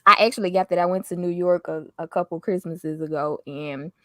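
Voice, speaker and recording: A woman's voice: fairly low pitch, a little fast, dry recording, clean studio sound. A woman with a Southern US accent hosting a casual live video-call chat, laughing often. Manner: laughs often, lively and chatty. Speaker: host.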